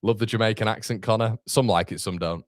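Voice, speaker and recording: A young man hosting a live football watchalong, excitable and sweary, chatting to his viewers. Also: on the low side, quick pace, no room sound, studio quality. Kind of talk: live match reaction.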